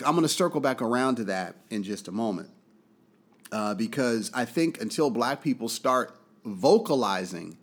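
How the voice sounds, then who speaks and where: Angry man delivering a heated monologue. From United States. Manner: angry, emphatic, repeats points for force; swings between loud outbursts and low, quiet drops. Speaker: political commentator. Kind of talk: impassioned monologue commentary.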